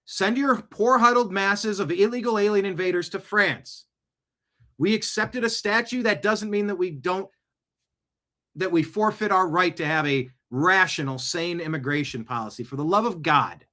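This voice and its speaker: Hosting an online talk show, a man reacts to news clips with sarcastic political rants, talking back at whatever he's watching. His voice sits high, with a sharp tone and a normal speed.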